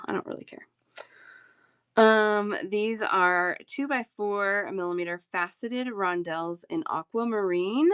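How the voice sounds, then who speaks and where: A woman's voice: fairly low pitch, fairly bright tone, clean tone, no room sound, studio quality. A woman in her thirties, a talkative and giggly live-stream bead seller chatting casually with her viewers.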